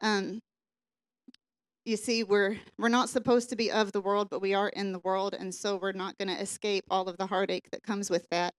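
A woman's voice: medium pitch, little pitch movement, normal speed, smooth, poor audio. A woman from the congregation giving an earnest personal testimony at a church service.

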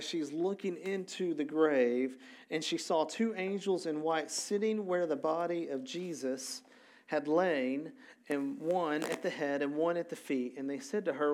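A male pastor giving a sermon in a casual, animated storytelling way with frequent fillers. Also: a little high.

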